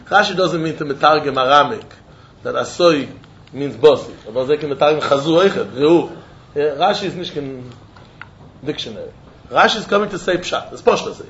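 Animated man teaching Talmud. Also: fairly high pitch, quick pace. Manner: animated, acts out quotes, mixes in Yiddish and Hebrew terms. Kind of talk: Talmud lesson. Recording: dull lo-fi recording.

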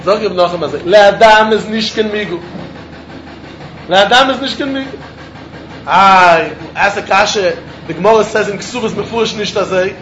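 Man, very high pitch, animated sing-song Talmud lecture, faint room noise. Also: dull audio. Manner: animated, sing-song reasoning with quick laughs. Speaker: Talmud teacher.

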